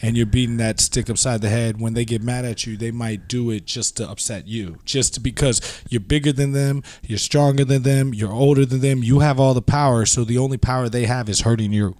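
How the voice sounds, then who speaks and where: A man speaks as a guest on a casual podcast, a father telling stories in an everyday mid-range voice. He lets the ends of his phrases fall away softly. The sound is dry, with no room echo. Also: mid-range voice, fairly even intonation, brisk, few pauses.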